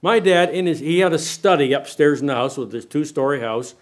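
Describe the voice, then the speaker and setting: Older male preacher, lively delivery. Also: fairly high pitch, fairly quick. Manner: animated preaching, asks the room questions, varies loudness a lot. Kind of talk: sermon. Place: church sanctuary.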